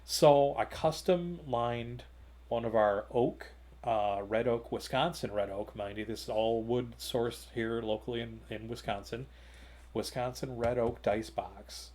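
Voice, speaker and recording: A man's voice: mid-range voice, measured pace, a little mellow. A man telling a long, rambling anecdote on a gaming talk show, full of fillers and restarts, recorded at home in his hobby room.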